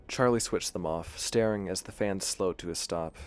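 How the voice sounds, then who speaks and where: Male audiobook narrator, very low voice, measured, steady storytelling. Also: soft background music.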